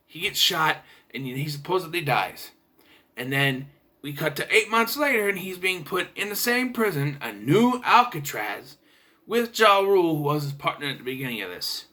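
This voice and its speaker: A young man chats his way through a movie review, sarcastic and loose. His voice is bright and fairly high, and it swings up and down a lot as he talks. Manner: chatty, sarcastic, clears throat. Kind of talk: casual video review.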